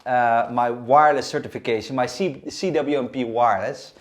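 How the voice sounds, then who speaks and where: A man's voice: medium pitch, steady tone, normal speed. A man co-hosting a podcast, talking with enthusiasm and plenty of restarts. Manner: enthusiastic, with many fillers and restarts. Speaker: co-host.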